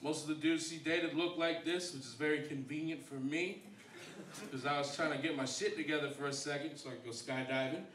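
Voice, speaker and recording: A man in his thirties doing a stand-up comedy set, wry and self-deprecating, jumping into high voices for punchlines. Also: brisk, fairly bright tone, a little hiss or hum. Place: comedy club stage. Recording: echoey club from a distance, hall mic. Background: audience laughter.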